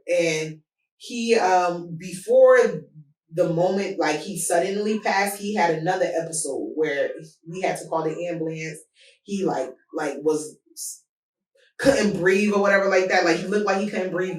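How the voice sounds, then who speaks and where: Animated woman host, roomy distant sound. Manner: animated, voice jumps high when telling a story. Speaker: podcast host. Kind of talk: personal advice talk with storytelling.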